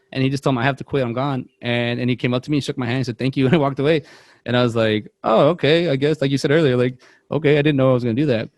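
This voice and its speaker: A man's voice: medium pitch, no echo. Podcast guy rambling through a story, does all the voices, dry mic. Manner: rambling, animated, acts out quotes, self-interrupting. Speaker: podcast co-host. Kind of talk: casual storytelling chat.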